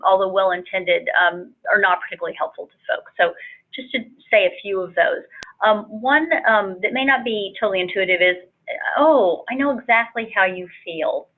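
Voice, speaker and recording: A woman hosting a webinar who pauses often and fills the gaps with ums. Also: lowish voice. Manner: hesitant, lots of ums. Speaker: webinar host. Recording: phone-quality audio.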